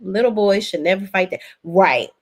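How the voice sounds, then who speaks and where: A woman in her thirties with a lilt hosts a casual live stream. She reads viewers' comments aloud and answers them in a chatty, gossipy way, with a voice at an ordinary middle pitch. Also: normal speed. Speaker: YouTube host reading live chat.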